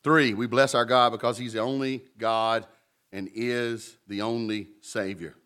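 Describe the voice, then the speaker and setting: A man's voice: mid-range voice, little pitch movement, unhurried, fairly bright tone. A man pastor preaching a sermon in a conversational way, with humorous stories and asides between scripture readings.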